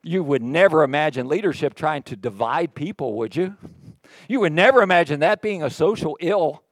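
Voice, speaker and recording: A male pastor delivers an animated sermon with a high-pitched voice. He drops into quiet, jokey asides, then rises into loud, emphatic reading. The sound is dry and close, with little room echo. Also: normal speed. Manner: jokey, sarcastic asides to the congregation. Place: church.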